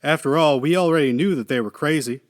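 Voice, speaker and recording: A man reading the part of a weary, skeptical male engineer with a dry, gruff manner. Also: on the high side, fast, dry recording, natural voice. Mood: musing.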